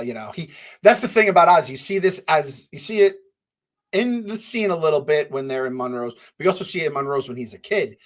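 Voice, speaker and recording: A man's voice: on the high side, animated, brisk. A man co-hosting a podcast in casual chat, rambling and correcting himself as he talks. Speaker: podcast co-host.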